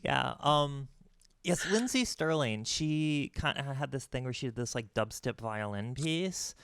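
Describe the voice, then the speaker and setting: Woman host w/ a gravelly voice, dry close sound, jokey and teasing. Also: extremely low pitch, expressive, measured pace, no room sound. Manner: teasing, laughs often. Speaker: host of a monthly composition masterclass. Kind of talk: casual livestream interview.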